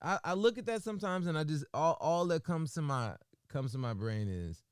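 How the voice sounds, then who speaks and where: A man co-hosting a morning radio show, bantering and joking with an animated, emphatic delivery in a studio. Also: on the high side, moderate pace, hardly any pauses, smooth, dry recording.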